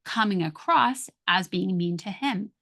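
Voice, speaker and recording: A woman giving calm, practical advice to parents on a conversational podcast, acting out harsh and gentle tones of voice. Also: medium pitch, measured pace, creaky. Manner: calm, coaching, acts out soft and sharp tones. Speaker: guest, parenting communication coach.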